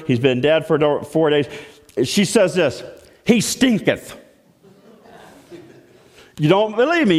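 A man preaching a sermon in a church sanctuary, his voice set a little high for a man. He tells the story with animation, sinking to quiet lines and then calling out loudly. A long hall reverb trails after his words. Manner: storytelling, animated, shifts between hushed and loud. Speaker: pastor.

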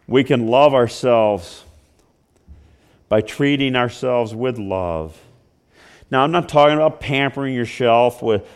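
A male pastor preaching a sermon, swinging from loud declarations to hushed, slow storytelling. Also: medium pitch.

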